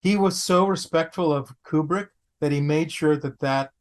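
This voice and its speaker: A man, an actor guest on a podcast, telling anecdotes in an animated way, repeating phrases for comic effect. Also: a little high, normal speed. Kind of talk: anecdotal storytelling.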